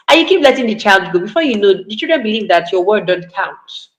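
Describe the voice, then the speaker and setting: A woman's voice: mid-range voice, sing-song, a little fast. A woman giving an online parenting talk, earnest, repeating her points for emphasis. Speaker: parenting educator. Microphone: video call. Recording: roomy echo.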